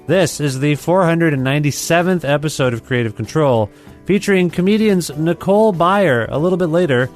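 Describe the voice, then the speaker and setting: A man hosting a podcast, reading a scripted intro and then asking halting, soft-spoken questions with restarts. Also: on the high side, expressive, soft background music. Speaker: podcast host. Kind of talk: scripted intro and casual interview.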